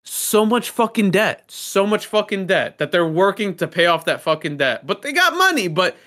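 A man's voice: high voice, sing-song, moderate pace, bright, forceful tone. A young man co-hosting a podcast in casual chat, ranting with heavy swearing and emphasis. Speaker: podcast co-host.

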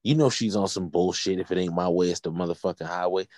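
A man in his thirties telling a story in a casual, profane, animated chat, worked up and blunt. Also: sits low, fast, no echo, clean studio sound.

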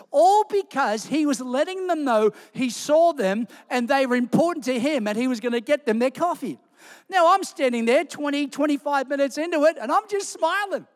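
A man preaching a sermon as a guest pastor, telling stories with humor and lively delivery. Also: extremely high pitch, in a large hall. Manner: animated storytelling with humor. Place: large church hall.

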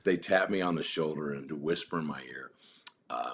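A man with an extremely deep voice tells loose, rambling stories in a casual podcast chat. He often stops and restarts his sentences. A faint hum sits behind him. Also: normal speed, fairly bright tone. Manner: rambling anecdotes with many restarts. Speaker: guest.

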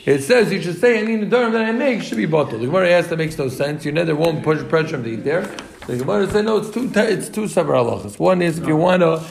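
A man teaching a Talmud class, animated and quick, repeating points for his students. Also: on the high side, gravelly, a little hiss or hum.

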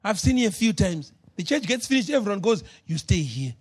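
A man preaching a sermon as pastor, moving between shouted, drawn-out lines and low, quiet asides. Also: expressive, husky.

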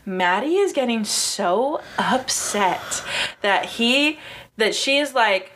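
A woman with a fairly high voice recaps a story in casual chat. She tells it with animation, acting out each quote, laughing often and swearing freely. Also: lively intonation, measured pace, bright, forceful tone, a little hiss or hum. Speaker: podcast co-host.

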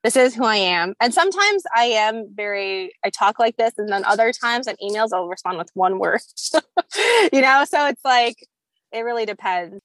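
A woman's voice: a little high, a bit bright, dry recording. A young woman guest on a podcast, talking in a girly valley-girl way with lots of "like" and "you know". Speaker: guest, skincare founder. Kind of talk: casual podcast interview.

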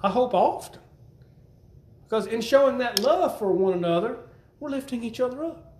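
In a church hall full of echo and slight background noise, a male preacher sermonizes in an animated, conversational way at normal speed. His darkish voice sits high for a man, and he repeats phrases and questions the congregation.

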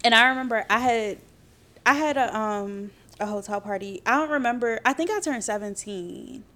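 A young adult woman in casual chat, telling her own story in a relaxed, laid-back way. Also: on the high side, moderate pace.

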